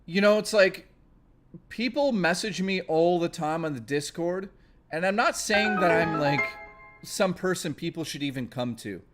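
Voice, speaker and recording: A man's voice: fairly high pitch, expressive, a little slow, a bit bright, faint music behind. A man live-streaming, talking emotionally and rambling, stammering and swearing, close to tears. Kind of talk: casual live-stream chat.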